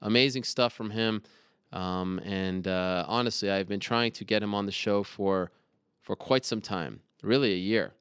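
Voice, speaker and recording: A man's voice: fairly low pitch, fairly even intonation, a little slow, fairly bright tone, clean tone, no echo, clean studio sound. A man in his thirties hosting an interview show, speaking earnestly to his guest and then announcing upcoming events. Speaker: host. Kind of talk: interview and show host talk.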